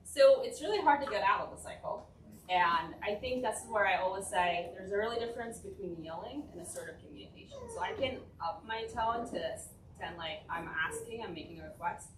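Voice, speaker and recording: A woman's voice: medium pitch, lively intonation, fairly quick. A woman family therapist giving an interactive workshop, talking conversationally and checking in with her listeners. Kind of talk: interactive talk to a group. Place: church hall. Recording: echoey room, distant mic, faint noise.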